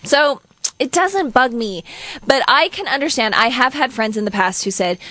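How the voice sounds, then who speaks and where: A woman's voice: sits high, expressive, moderate pace, bright, forceful tone, no room sound. A middle-aged woman co-hosting a radio talk show, chatting casually, laughing lightly and reading out listener texts. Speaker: radio co-host.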